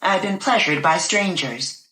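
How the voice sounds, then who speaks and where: A woman's voice: fairly low pitch, expressive, moderate pace, fairly bright tone. Woman narrating a novel in a roomy echo. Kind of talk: scripted first-person audiobook narration.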